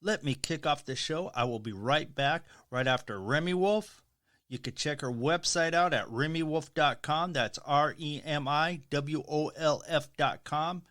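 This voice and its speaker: A man's voice: on the high side, unhurried, fairly bright tone. A man hosting his own music podcast, delivering promos and a boastful, showman-style introduction of himself. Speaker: podcast host and professional wrestler. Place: home.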